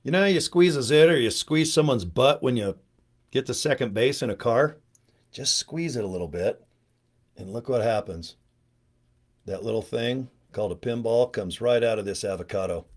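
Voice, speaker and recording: A man's voice: mid-range voice, animated, normal speed. A middle-aged man chatting casually at home on a webcam livestream, rambling, joking and cursing freely. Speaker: video host. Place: at home, indoors.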